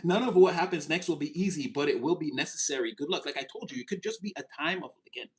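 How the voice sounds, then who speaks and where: A man giving a casual tarot reading, animated and laughing, slipping into mocking voices. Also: on the high side, quick pace, low-quality recording. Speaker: tarot reader.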